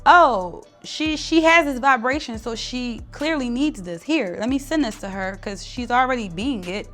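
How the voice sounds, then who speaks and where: A woman putting on the universe itself, speaking as a calm and matter-of-fact cosmic giver. The voice sits a little high and stays close to her own, and faint music runs underneath. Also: moderate pace, natural voice.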